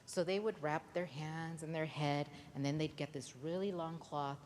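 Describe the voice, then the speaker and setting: A woman telling a Bible story to children at a church holiday Bible school, lively and often asking the kids questions. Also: low voice, normal speed. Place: church hall. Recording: reverberant hall, faint noise.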